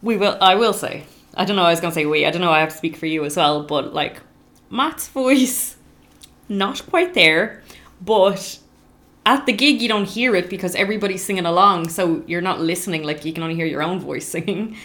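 A woman's voice: fairly low pitch, fairly quick, fairly bright tone. A woman, chatting casually as a podcast co-host and laughing often. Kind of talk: casual chat.

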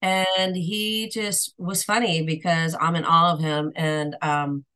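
Bright, animated actress telling a story. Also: female voice, on the low side, takes it slowly. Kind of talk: anecdote in an interview.

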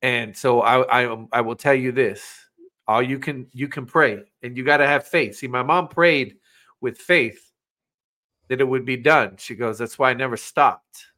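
A man's voice: mid-range voice, fairly even intonation, measured pace, bright, forceful tone. A man in his forties co-hosting a podcast, talking earnestly about faith and parenting, getting emotional as he speaks. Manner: earnest, gets emotional, preachy. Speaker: podcast co-host. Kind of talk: casual faith talk.

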